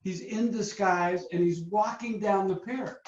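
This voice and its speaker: A man hosting a motivational webinar as a coach, telling stories in a lively, upbeat way over a video call. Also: high voice, a little slow. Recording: roomy, dull lo-fi webinar audio.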